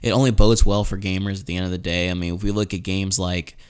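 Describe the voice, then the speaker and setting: A man's voice: low voice, flat delivery, fast, a little mellow, smooth. A young man hosting a podcast, talking casually, with frequent restarts and repeated words. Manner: hesitant, repeats words, lots of fillers. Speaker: podcast host. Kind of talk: casual chat.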